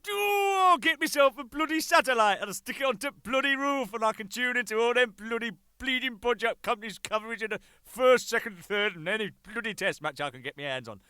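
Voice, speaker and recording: A man's voice: very high voice, animated, fairly quick, hardly any pauses, bright, forceful tone, smooth, no echo, voice pushed up, exaggerated voice. A man putting on a homesick, grumbling Yorkshireman who moans constantly and swears with "bloody". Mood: scheming. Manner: whiny, exasperated, full of "oh" and "bloody".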